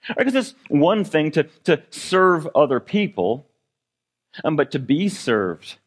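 A man preaching a sermon in a church, talking with the congregation, asking for a show of hands, with fillers and swings in pitch and loudness. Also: very animated, slow, breathy edge. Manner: conversational preaching with congregation questions; fillers and restarts, dynamic pitch and volume. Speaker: pastor.

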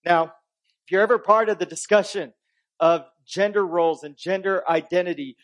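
A pastor preaching a conversational sermon, swinging between emphatic and hushed delivery. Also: male voice, sits high, normal speed.

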